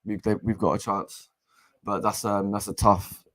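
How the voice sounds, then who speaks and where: Young man, excitable fan commentary. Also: lowish voice, normal speed. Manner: excitable and exasperated, swears, repeats and restarts phrases. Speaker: fan co-host of a live watchalong stream. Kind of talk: casual live match commentary.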